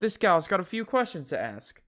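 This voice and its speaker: A man voicing a brash, loud woman photographer with a put-on American Southern accent, over game music. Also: high voice, big pitch swings, normal speed, voice pushed up. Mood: excited.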